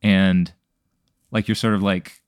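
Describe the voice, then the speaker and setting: A man hosting a casual podcast chat, posing a rambling hypothetical with many halting fillers. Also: deep voice, flat delivery, clean tone, no room sound, studio quality.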